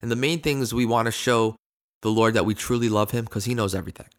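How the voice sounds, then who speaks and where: A man's voice: mid-range voice, fast talker. A man co-hosting a ministry discussion, speaking in an earnest, affirming way and reading scripture aloud. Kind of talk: conversational Bible discussion.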